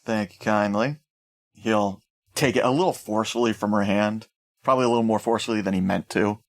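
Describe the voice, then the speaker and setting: A man's voice: lowish voice, fast talker. A man playing a character in a tabletop game, talking in a brash, confident way. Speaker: player. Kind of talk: tabletop role-play, in character.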